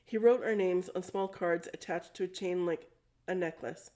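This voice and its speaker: Mellow-voiced woman reading a storybook aloud. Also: on the low side, normal speed. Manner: plain, steady reading with small self-corrections. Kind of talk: storybook read-aloud narration.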